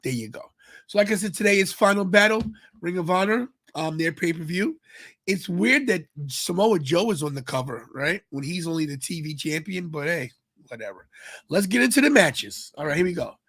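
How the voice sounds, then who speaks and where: A man's voice: sits high, lively intonation, normal speed, a bit bright. A tired man, a father, hosting a casual live wrestling stream, rambling and greeting viewers in the chat. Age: adult with kids. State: tired, yawning. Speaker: podcast host.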